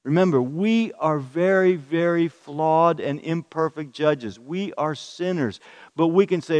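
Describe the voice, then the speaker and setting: Slow-speaking preacher in a reverberant hall. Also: male voice, fairly high pitch. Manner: emphatic, rising to stress points, reading scripture aloud. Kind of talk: sermon.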